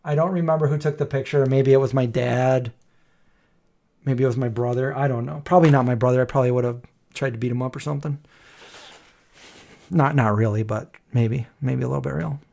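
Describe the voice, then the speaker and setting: A man's voice: medium pitch, steady tone, brisk, gravelly, pauses often, warm tone. A middle-aged man hosting a casual livestream chat, rambling and joking as he tells stories. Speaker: host.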